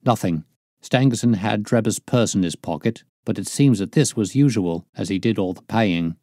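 A man's voice: lowish voice, moderate pace, warm tone, dry recording, studio quality, lightly acted. A man reading aloud, voicing a matter-of-fact male police inspector in a near-natural voice. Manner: plain, matter-of-fact reporting.

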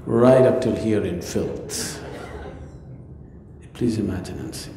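A man with a lowish voice gives a slow-paced spiritual talk, posing rhetorical questions and tossing in joking asides. He's a spiritual teacher, recorded in a reverberant hall with soft music playing.

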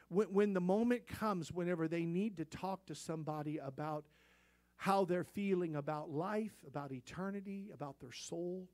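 A middle-aged pastor with a fairly high voice delivers a church sermon full of homespun stories told conversationally. His folksy storytelling builds to loud, emphatic peaks.

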